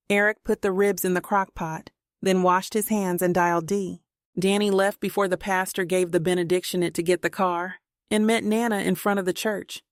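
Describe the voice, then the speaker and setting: A woman narrating a novel in steady, plain storytelling, recorded on a close mic. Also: lowish voice, normal speed, dry recording. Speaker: audiobook narrator. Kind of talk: scripted narration.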